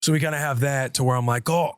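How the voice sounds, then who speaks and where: A man hosting a podcast, telling a rambling, animated story in casual chat. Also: medium pitch, racing, clean tone, no room sound. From United States. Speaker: podcast host.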